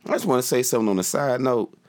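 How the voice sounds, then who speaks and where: A man chatting on a podcast in a loose, profane way. His voice sits in an average pitch range, and he laughs often as he talks. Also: very fast. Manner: profane, animated, laughs a lot. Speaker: podcast co-host. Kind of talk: casual chat.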